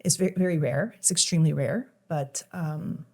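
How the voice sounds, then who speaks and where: A middle-aged woman speaks in a gravelly, mellow low voice. She tells her story haltingly and with deep emotion, stumbling and starting sentences over. Her tone stays conversational, as in a podcast chat. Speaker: podcast guest.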